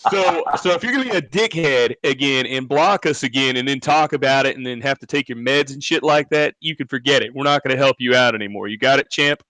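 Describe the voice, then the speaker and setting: Bright, blunt male stream co-host. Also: mid-range voice, fast, few pauses, no room sound. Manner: blunt and profane, scolding a rival. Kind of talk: casual live stream chat.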